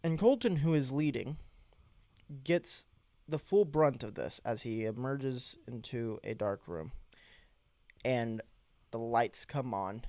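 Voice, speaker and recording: A young man tells a story in a slow, unhurried way, his pitch swinging widely as he goes. When he quotes himself his voice leaps up high. The sound is dry and close. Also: a little mellow, no echo. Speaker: vlogger telling a story. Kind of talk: casual storytelling.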